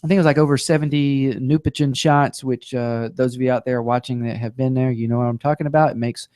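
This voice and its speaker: A man's voice: mid-range voice, fairly even intonation, fast talker, a little mellow, no echo, clean studio sound. A man guest on a talk show, telling a personal story with humor and playful acted-out quotes.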